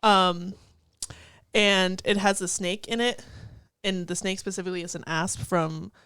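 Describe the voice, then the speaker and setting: A woman's voice: on the low side, fairly even intonation, unhurried, a bit bright, smooth, no echo. Swearing, chatty young woman podcaster. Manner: swears freely and laughs often. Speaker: podcast co-host. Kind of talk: casual chat.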